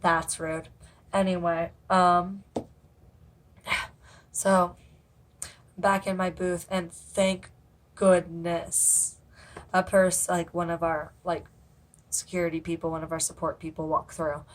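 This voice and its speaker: A woman with a slightly low-pitched voice tells stories from her job at a haunt, chatting straight to camera. She rambles, restarts, and cusses without a second thought. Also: level tone, slow pace, long pauses. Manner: rambling, swears freely, lots of fillers. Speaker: haunted house actor. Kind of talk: casual storytelling vlog.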